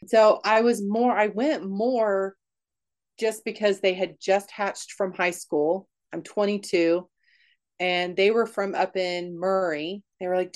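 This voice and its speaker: Woman, personal story, candid, emotional, quick bursts, frequent restarts, interview guest. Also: medium pitch.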